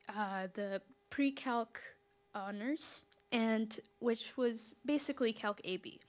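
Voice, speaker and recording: Young woman, emotional, near tears, slow halting delivery, fairly high voice. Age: young adult. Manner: halting, apologetic. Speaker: public commenter, college student. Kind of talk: emotional public comment.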